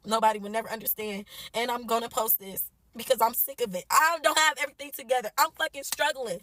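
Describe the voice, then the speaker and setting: Young woman, high bright voice, tearful and exasperated, swearing while she vents into a phone in a dry car interior. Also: no echo, poor audio. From United States. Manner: profane, exasperated, tearful venting. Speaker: mother posting a social media video. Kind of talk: emotional venting to camera.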